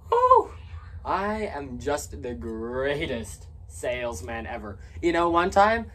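A young performer playing a boastful, shady male oat salesman who rambles erratically and jumps to sudden shouts. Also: medium pitch, lightly acted. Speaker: salesman character. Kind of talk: comedic sketch acting.

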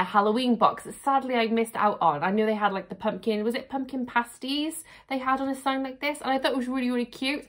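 A woman vlogger with a medium-pitched voice chats casually at home while unboxing something. She gushes excitably and keeps repeating "really, really."

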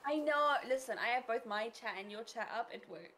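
A woman's voice: on the high side, brisk, over a noisy crowd. A young adult woman streaming a co-op game, playful and jokey in casual chat.

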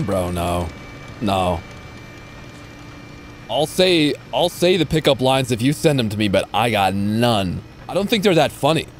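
A man's voice: mid-range voice, slight background noise. A man casually commentating his own live gameplay, slangy and swearing freely. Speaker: streamer.

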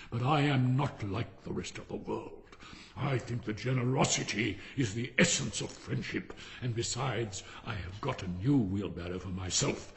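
A man's voice: medium pitch, a little mellow, in a large hall, close to an everyday voice. A man voicing a smug, self-righteous miller who lectures in a lofty tone. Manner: lofty, preaching.

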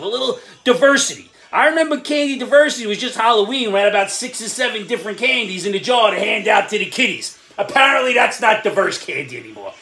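Man, 50s, high voice, very lively pitch, sarcastic ranting vlog host, laughs as he talks. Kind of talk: comedic rant vlog.

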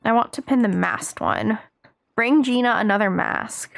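An American woman streaming a game, chatting excitedly with her viewers as she plays. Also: a little high, moderate pace, gravelly. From United States. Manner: chatty, excitable, talks to chat while playing. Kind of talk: casual live-stream chat while gaming.

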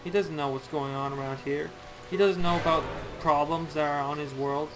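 Goofy sarcastic young gamer. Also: male voice, a little high, fairly even intonation, normal speed, background noise. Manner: goofy, sarcastic, talks back to the game. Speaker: let's play gamer. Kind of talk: casual gameplay commentary. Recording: commentary over game music.

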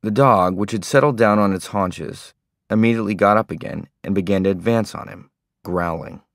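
A man with a very low voice reads an audiobook in a calm, understated manner. He sounds close and dry, as if recorded in a quiet studio booth. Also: normal speed, gravelly, no echo. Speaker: audiobook narrator. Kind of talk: scripted narration.

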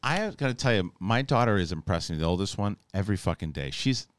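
Low-voiced man rambling as a host. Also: lively intonation, fast, noisy background. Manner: rambling, restarts and swears freely. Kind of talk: casual chat.

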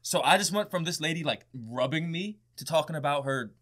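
A man's voice: fairly high pitch, expressive, a little fast, a bit bright. A young man, a podcast guest, telling a wild story in casual, profane chat and often laughing.

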